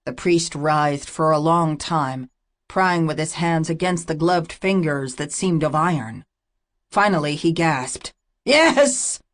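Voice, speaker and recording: A woman narrating a fantasy audiobook in a steady, measured storytelling manner. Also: sits low.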